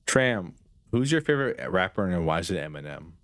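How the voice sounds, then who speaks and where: Deep-voiced sarcastic male streamer. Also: big pitch swings, brisk, fairly bright tone, no echo. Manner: rambling, sarcastic, swears casually. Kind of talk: casual gameplay chat with chat.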